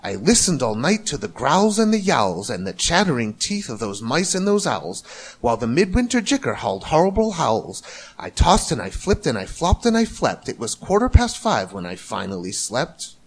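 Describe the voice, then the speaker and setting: A man reading a rhyming children's book aloud in a lively, sing-song storytelling manner. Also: mid-range voice, moderate pace. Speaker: reader.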